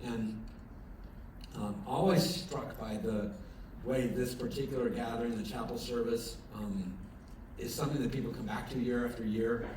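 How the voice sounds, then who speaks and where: A male pastor gives an evening chapel sermon in a casual, storytelling way, full of ums and restarts and turning emphatic at the high points. His mid-range voice reaches the mic from far across the room. The chapel rings with heavy echo over steady room noise. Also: moderate pace. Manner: conversational storytelling, many fillers and restarts; grows lively and emphatic when telling a story. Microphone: distant from the recording mic.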